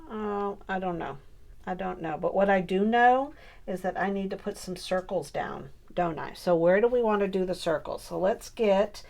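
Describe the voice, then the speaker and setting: This scrapbooking vlogger has a creaky, medium-pitched voice with a darkish tone. She chats casually on camera about crafting and mutters to herself throughout her work.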